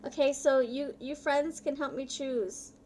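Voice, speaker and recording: A woman tarot reader chatting live with her viewers, bubbly and playful, often excited and drawing her words out. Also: high voice, slow pace, very noisy. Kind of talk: casual live-stream chat with viewers.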